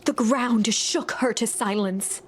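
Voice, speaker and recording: A woman narrating a video game in a soft, even storytelling voice, sometimes dropping to a whisper. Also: on the high side, takes it slowly, a little hiss or hum.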